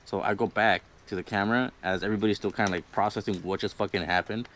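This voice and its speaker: A man's voice: fairly low pitch, steady tone, quick pace, fairly bright tone, a little hiss or hum. A young man casually telling a personal ghost story on a livestream, rambling, swearing freely and laughing between lines. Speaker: guest storyteller.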